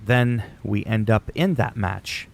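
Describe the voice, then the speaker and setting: A man's voice: on the low side, slow, vocal fry. A man recapping a wrestling show in casual commentary, rambling off on tangents and swearing casually.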